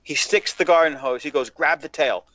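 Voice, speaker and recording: A man's voice: fairly high pitch, normal speed, dry recording. Man telling a rowdy yard story. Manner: profane, animated storyteller, acts out quotes. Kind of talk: casual chat, storytelling. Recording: dull lo-fi dry sound.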